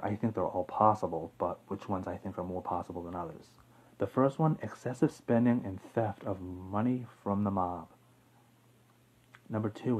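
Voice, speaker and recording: Guy with a lowish husky voice chatting loosely to camera, lots of uhs and restarts. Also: a little mellow, low-quality recording. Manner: rambling, lots of fillers and self-corrections, chuckles. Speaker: YouTube true-crime host. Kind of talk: casual off-the-cuff talk to camera.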